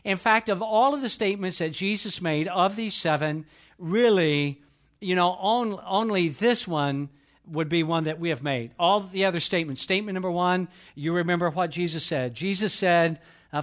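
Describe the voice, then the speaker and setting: A middle-aged man from Georgia, preaching a sermon in an earnest storytelling way and slowing down when he quotes scripture. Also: sits high, fairly bright tone. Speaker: pastor.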